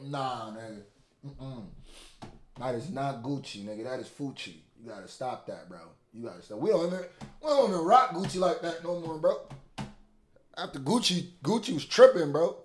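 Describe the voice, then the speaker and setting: A man's voice: mid-range voice, expressive, normal speed. Slangy man reacting in a roomy echo. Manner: slangy, joking, repeats lines for effect. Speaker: reaction video host. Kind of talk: casual reaction commentary.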